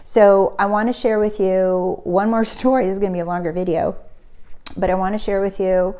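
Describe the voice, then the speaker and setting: A woman's voice: medium pitch, steady tone, fairly quick, warm tone. A middle-aged woman, a spiritual coach, telling a personal story in a casual motivational talk and acting out the quotes.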